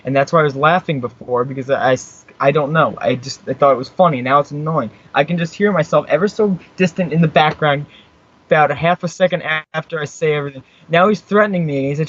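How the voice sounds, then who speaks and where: Young American radio host, rambling and foul-mouthed, somewhat high voice, muffled lo-fi studio sound. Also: male voice, quick pace, a bit bright. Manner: rambling, sweary, easily fired up. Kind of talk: profane off-the-cuff rant. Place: small home radio studio. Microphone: studio mic with headphones.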